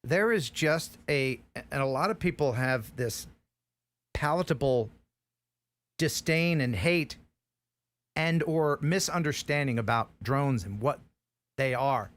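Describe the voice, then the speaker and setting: A man's voice: mid-range voice, lively intonation, slow, long pauses, a bit bright. A man hosting a casual live stream, joking and blunt as he chats with guests. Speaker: host.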